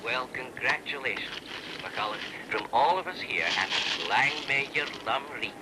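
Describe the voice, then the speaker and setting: A man's voice: medium pitch, expressive, unhurried, close to an everyday voice. A man playing a radio announcer reading weather and traffic news.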